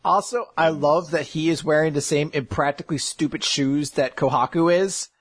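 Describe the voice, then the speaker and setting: A man's voice: on the high side, moderate pace, breathy edge. A man co-hosting a podcast, chatting casually about an anime with wry, sarcastic asides and casual swearing. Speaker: podcast co-host.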